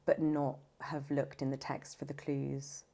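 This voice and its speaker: A British woman voiceover artist talking in a podcast interview, chatty and animated with lots of fillers. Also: rumbling low, measured pace. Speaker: voiceover artist and audiobook narrator.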